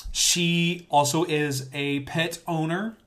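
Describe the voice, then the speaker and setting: A man's voice: a little high, fairly even intonation, takes it slowly, a bit bright. A man hosting a casual podcast, joking and giving mock-formal introductions. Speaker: podcast host.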